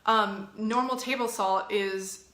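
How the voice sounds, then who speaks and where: A woman coaching her listeners in a loose, chatty way, full of filler words and encouragement. Her voice is bright and clear. The recording carries a noticeable room echo. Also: medium pitch, steady tone, slow. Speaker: health and fitness coach. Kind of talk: casual coaching talk to camera.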